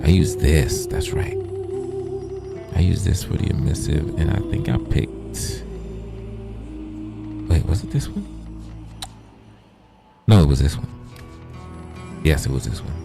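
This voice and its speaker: Very deep gravelly man, profane and playful. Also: sing-song, unhurried, pauses often, music in the background. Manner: profane, playful, chats to viewers. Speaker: gaming streamer. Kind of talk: casual livestream gameplay chat.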